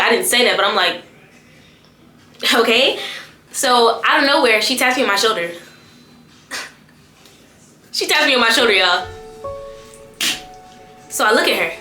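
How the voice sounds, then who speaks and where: A young woman with a bright, ringing voice pitched a little high tells a personal story to her viewers. She talks in a slangy, expressive way and often repeats lines for emphasis. Her voice bounces off an echoey room while soft music plays underneath. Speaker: YouTuber telling a story. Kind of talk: animated storytime vlog.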